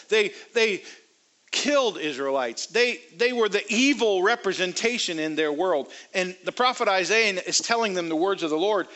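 A man preaching a sermon, reading scripture aloud slowly and emphatically between plain explanations. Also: high voice, bright, forceful tone. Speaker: pastor.

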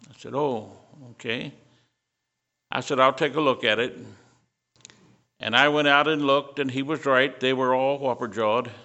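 A man's voice: medium pitch, fairly even intonation, normal speed, sharp tone, lo-fi sound. An older man preaching a sermon, telling a story and building to fervent emphasis.

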